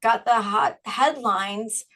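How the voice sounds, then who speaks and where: A woman's voice: a little high, slow pace, a bit bright, poor audio. A middle-aged woman being interviewed, talking frankly and animatedly and laughing often. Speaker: guest, brand founder. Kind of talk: candid interview conversation.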